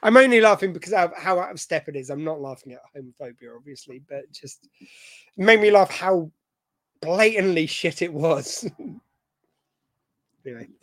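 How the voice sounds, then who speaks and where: A man's voice: on the high side, animated, normal speed, long pauses, no echo. Chatty British man, dry close mic. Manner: chatty, joking, rambling asides. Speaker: podcast co-host. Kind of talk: casual chat.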